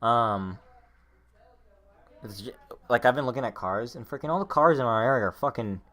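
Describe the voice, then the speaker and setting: At a moderate pace, a young man with a mid-range, pushed and bright voice chats casually as a podcast co-host. He has the hiccups, rambles, swears and fills his speech with filler words.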